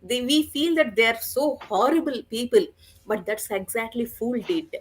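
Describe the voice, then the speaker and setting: A woman's voice: a little high, normal speed, slightly rough, rough recording. A woman in a casual book discussion who states her opinions emphatically. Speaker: book club member.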